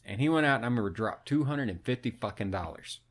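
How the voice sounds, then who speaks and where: A man telling a story on a podcast, animated and swearing constantly in casual chat. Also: medium pitch, fast. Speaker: podcast co-host.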